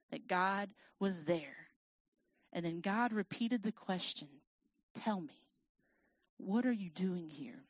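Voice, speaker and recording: A woman preaching in a relaxed, conversational way. She reads scripture aloud and adds wry asides. The sound is dry and close, with no room echo. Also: medium pitch. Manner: casual, self-deprecating, lively storytelling. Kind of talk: sermon with scripture reading.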